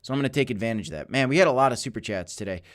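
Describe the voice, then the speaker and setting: A man in his thirties hosting a livestream, chatting casually and answering viewer messages with animated, repetitive storytelling. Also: medium pitch, racing. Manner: animated storytelling with repeated phrases. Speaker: crypto livestream host. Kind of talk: casual livestream chat reading super chats.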